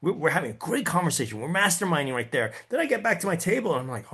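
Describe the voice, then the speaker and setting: A man's voice: on the high side, racing, few pauses, slightly rough. A man teaching a class on generating leads, talking casually and acting out his own thoughts and quotes, often asking the audience "right?". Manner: animated, acts out his own inner voice and quotes; folksy, addresses the audience with tag questions. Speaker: real estate sales coach. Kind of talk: lively class talk.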